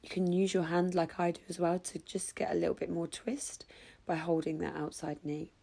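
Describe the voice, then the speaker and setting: A woman guiding a yoga class with calm, slow cues. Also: fairly low pitch, gravelly. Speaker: yoga instructor. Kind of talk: guided yoga instruction.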